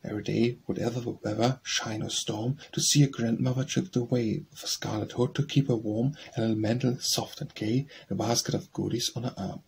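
A man reading a narrative poem for children as an audiobook narrator, in a rhythmic, measured verse style. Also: medium pitch, fairly even intonation, creaky, a little mellow, slight background noise, rough recording.

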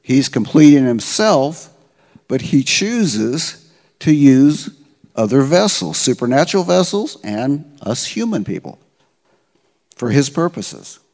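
A man's voice: medium pitch, sing-song, takes it slowly, darkish tone. Middle-aged male pastor, mid-range voice, chatty and slangy as he retells a story, echoing through a church hall. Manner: casual, slangy retelling with frequent "okay?" check-ins. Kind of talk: conversational sermon storytelling. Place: church sanctuary. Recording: long church-hall reverb.

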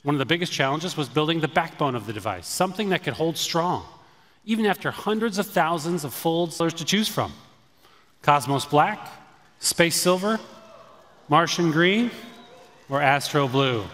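A man's voice: a little high, lively intonation, normal speed, a bit bright. Casual: guy presenting a new gadget onstage, upbeat and polished, lots of hall reverb. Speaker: product presenter. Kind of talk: scripted product launch presentation. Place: large auditorium stage. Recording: echoey auditorium with long reverb.

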